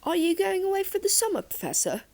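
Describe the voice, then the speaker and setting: A woman's voice: extremely high pitch, very animated, quick pace, a little mellow, pitched above the performer's own voice, exaggerated voice. A woman voicing an earnest, shy teenage boy student in an audiobook. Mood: startled.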